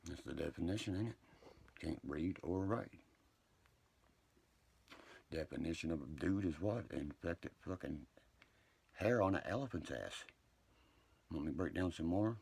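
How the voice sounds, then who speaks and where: A man's voice: low-pitched, lively intonation, normal speed, gravelly, a little mellow, husky. A man ranting on a livestream, profane, combative and rambling from one point to the next.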